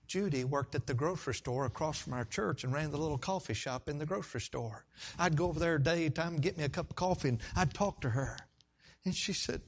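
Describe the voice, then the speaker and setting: A man, a pastor preaching a sermon and telling a story, often acting out voices at a high, strained pitch. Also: fairly quick, breathy edge.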